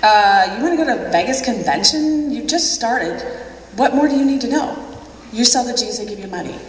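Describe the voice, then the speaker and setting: A woman putting on her calm, matter-of-fact husband's voice, flat and reassuring, in a big echoey hall. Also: fairly high pitch, moderate pace, slight background noise, close to an everyday voice. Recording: echoey hall, distant mic.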